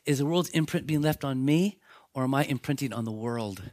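A man preaching a sermon, telling Bible stories in a lively way and acting out the characters' lines. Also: medium pitch, a little fast, no echo, clean studio sound. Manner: animated storytelling, acts out voices of biblical characters. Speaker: pastor.

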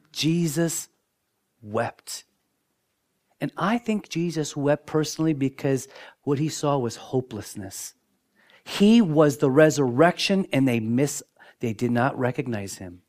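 A man preaching a sermon as pastor, shifting between strong emphasis and soft, hushed moments, often repeating words as he builds a point. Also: mid-range voice, expressive, takes it slowly, long pauses. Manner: dynamic preaching, dropping to near-whispers for emphasis.

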